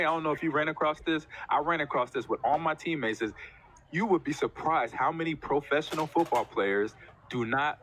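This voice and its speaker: A man in his forties, a former professional football player, chatting casually as a guest and telling animated stories with acted-out quotes. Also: mid-range voice. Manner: animated storyteller, acts out quotes. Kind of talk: casual chat.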